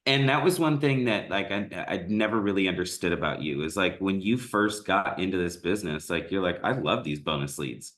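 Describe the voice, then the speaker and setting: A man's voice: low voice, fairly quick, few pauses, fairly bright tone. A man co-hosting a sales talk in a casual, agreeing way, laughing easily. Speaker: co-host. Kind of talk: casual chat.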